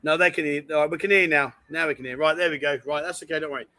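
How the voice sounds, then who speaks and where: A man's voice: a little high, steady tone, very fast, sharp tone. A man hosting a casual live stream from a bar, joking and teasing his guests and laughing often.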